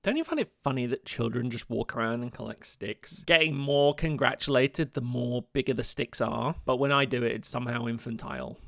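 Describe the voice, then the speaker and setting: A man's voice: medium pitch, fairly quick, vocal fry, hardly any pauses, a bit bright, no echo, clean studio sound. A young man giving scripted commentary, breaking off into wry, jokey asides. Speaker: video essayist.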